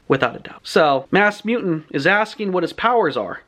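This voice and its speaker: A man recapping a story in casual, animated, indignant storytelling. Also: fairly high pitch, a little fast, hardly any pauses. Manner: animated, indignant, laughs often. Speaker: book reviewer.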